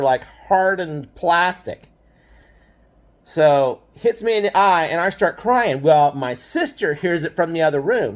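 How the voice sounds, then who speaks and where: An older man with a fairly high voice recounts a childhood memory in an easygoing, meandering way. He keeps checking in with his listener and chuckles wryly at the harsh parts. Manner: rambling, checks in with frequent "right?"; laughs wryly at grim memories. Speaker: grandfather storyteller. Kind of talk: casual personal storytelling.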